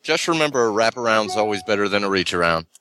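A man's voice: on the low side, lively intonation, quick pace, pushed and bright, a little hiss or hum. A man co-hosting a casual podcast by call on a cheap headset, wisecracking with short replies. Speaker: podcast co-host.

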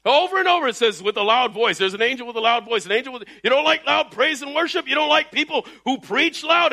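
A man preaching a sermon loudly and emphatically, his voice rising in bursts as he exhorts the congregation. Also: very high-pitched, lively intonation, quick pace, few pauses. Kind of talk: energetic sermon. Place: Texas.

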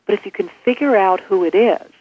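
A woman's voice: medium pitch, brisk. A woman author interviewed by phone, giving practical advice in numbered steps. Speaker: author and guest expert. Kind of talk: interview on a call-in line. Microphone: telephone. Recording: tinny phone line.

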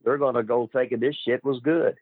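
A blunt, profane older man, a podcast guest, talking gruffly and without any polish. He comes through a tinny, phone-like line that sounds dry and close, with no room around him. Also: medium pitch, fairly even intonation, brisk, no room sound. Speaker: guest, former wrestler. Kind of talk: casual interview.

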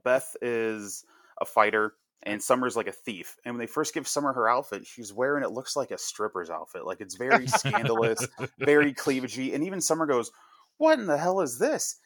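Male podcast host, chatty and animated storyteller, mid-range voice, dry booth sound. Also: medium pitch, a little fast, no room sound. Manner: animated storytelling with frequent fillers. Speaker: podcast host reviewing a comic. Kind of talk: casual podcast chat.

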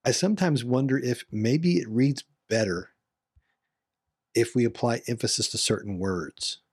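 Man, husky voice, reflective and emphatic, dry sound. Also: mid-range voice, unhurried, a little mellow, no room sound. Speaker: discussion panelist. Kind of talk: bible study discussion.

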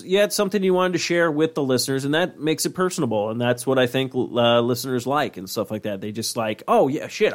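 A man co-hosting a podcast in rambling, profane casual chat. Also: mid-range voice. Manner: rambling, profane, full of fillers. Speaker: podcast co-host.

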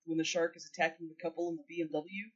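A woman co-hosting a podcast in casual chat, speaking haltingly with some laughs. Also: low-pitched, flat delivery, husky. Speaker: podcast co-host. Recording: dull lo-fi audio.

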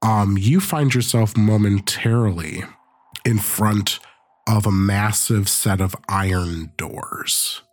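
A laid-back man running a tabletop game, describing scenes in a relaxed way with lots of fillers. His voice sits on the low side. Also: slow. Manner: relaxed, loose, many fillers. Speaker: game master.

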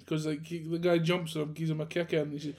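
Halting Scottish man, slightly higher voice. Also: little pitch movement, creaky, darkish tone. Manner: loose, halting, sweary, with restarts. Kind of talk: casual chat.

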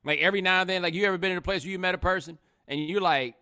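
A young adult man hosting a live podcast, chatting casually with a sarcastic, animated delivery. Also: racing, smooth. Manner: animated, sarcastic, rising pitch when joking. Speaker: podcast host. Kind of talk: casual live-stream commentary.

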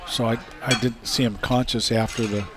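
A man's voice: mid-range voice, little pitch movement, moderate pace, noisy background. Man telling stories with easy laughs. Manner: anecdotal, laughs through stories, frequent fillers and restarts. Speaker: racing safety expert. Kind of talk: casual interview storytelling.

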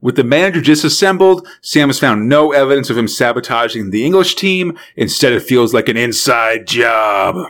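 A man's voice: mid-range voice, animated, moderate pace, hardly any pauses, a bit bright. A man co-hosting a podcast, casually recapping a cartoon episode with frequent fillers and laughs. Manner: laid-back storytelling with frequent fillers and laughs. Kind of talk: casual chat.

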